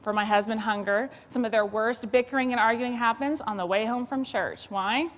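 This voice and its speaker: A woman from Texas with a Southern accent, in her thirties, telling a lively personal story to an audience. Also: fairly high pitch, moderate pace. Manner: animated storyteller, acts out her own panicked voice. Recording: long reverb of a large hall.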